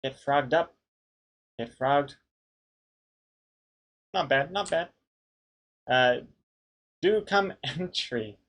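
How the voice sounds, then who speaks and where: A man's voice: fairly high pitch, expressive, drawn-out words, pauses often, fairly bright tone. A man hosting a casual live stream, reading out viewer pun suggestions in a jokey way and laughing often. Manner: jokey, reads names aloud, laughs often.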